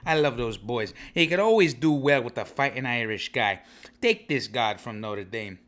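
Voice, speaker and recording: A man's voice: medium pitch, lively intonation, normal speed, a bit bright. A man hosting a comedic sports podcast, rambling in brash wise-guy banter and tossing in "okay?" after his picks. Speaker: podcast host.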